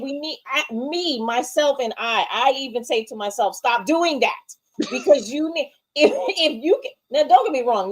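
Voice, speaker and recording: A woman's voice: sits high, a little mellow, husky. A woman co-hosting a casual movie review chat online, emphatic and opinionated, acting out her own reactions. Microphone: streamed online call.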